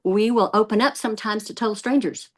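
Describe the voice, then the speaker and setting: A woman's voice: mid-range voice, a little fast. A woman giving a motivational training talk to a group, telling stories and laughing often. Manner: lively storyteller, laughs often. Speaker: sales team trainer.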